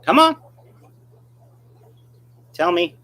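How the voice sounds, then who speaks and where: A man chatting casually on a live stream, reading out viewer comments and riffing on them with jokes at his own expense. His pitch swings around a lot as he talks, rambling from one remark to the next. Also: big pitch swings, extremely slow, pushed and bright. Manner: joking, rambling, self-mocking. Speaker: fish breeder hosting a live stream.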